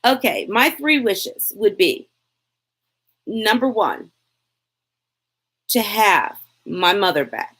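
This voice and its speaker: A woman's voice: medium pitch, slow, pauses often, breathy edge. A woman, chatting casually on a live stream from her phone and answering viewer questions. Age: 40s. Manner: chatty, lively, laughs often, reads comments aloud. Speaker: lifestyle vlogger, live Q&A host.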